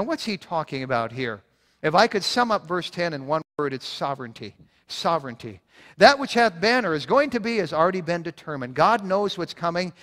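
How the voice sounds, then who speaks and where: Long reverb fills the church sanctuary where this man preaches as pastor. His voice is on the high side and a bit bright; he sounds earnest, hammers points home through repetition, and frequently restarts what he's saying.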